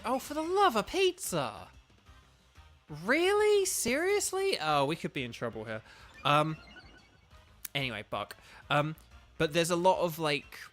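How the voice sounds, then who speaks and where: A man's voice: on the high side, bright, forceful tone. A young man talking casually to his live chat while playing a game, rambling with many fillers and restarts. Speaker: streamer and voice actor.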